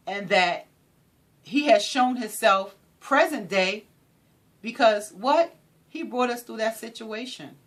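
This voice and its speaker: Woman, inspirational talk, unhurried, lively rising and falling voice, repeats lines for emphasis. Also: medium pitch, slightly rough. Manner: animated, preacherly, repeats phrases for emphasis. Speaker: motivational speaker.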